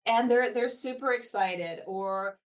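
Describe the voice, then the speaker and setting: A woman's voice: fairly high pitch, slow, recorded from a distance. A woman representing a parks foundation as an interview guest, talking eagerly and at length with frequent fillers. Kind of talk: enthusiastic podcast conversation.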